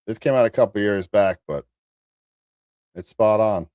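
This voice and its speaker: A man hosting a live-stream commentary show, talking straight to his viewers in an animated way. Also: on the low side, unhurried, dry recording, clean studio sound. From United States. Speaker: host.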